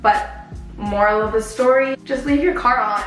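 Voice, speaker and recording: Young woman, twenties, casual storytime vlog, animated and filler-heavy, faint music under a roomy echo. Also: fairly high pitch, moderate pace. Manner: animated, chatty, many "like" fillers. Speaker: beauty vlogger. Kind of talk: casual storytime vlog while doing makeup.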